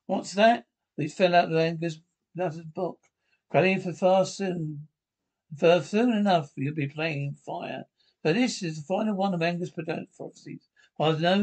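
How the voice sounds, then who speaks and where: A man reading a fan audio drama alone, voicing all the characters and narration, with a halting delivery and frequent restarts. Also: a little high. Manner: switches between character voices and narration. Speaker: reader voicing every character.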